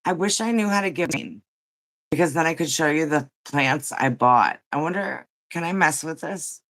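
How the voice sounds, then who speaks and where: A woman's voice: low voice, moderate pace, fairly bright tone. A woman hosting a casual livestream who has just woken up, chatting and rambling, greeting viewers by name. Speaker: livestream host.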